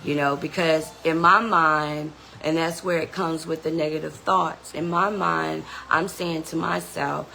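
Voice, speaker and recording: A woman's voice: low-pitched, steady tone, unhurried, creaky, hardly any pauses, bright, forceful tone, a little hiss or hum, poor audio. A woman hosting a podcast, giving an earnest, motivational self-help talk and often saying "you know". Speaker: podcast host.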